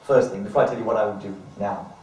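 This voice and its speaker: Animated man lecturing in an echoey room. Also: lowish voice, fast, recorded from a distance. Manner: animated, acts out the shouting crowd, frequent "right?" and "okay?". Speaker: teacher leading a dawah class. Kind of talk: storytelling lecture with questions to the class.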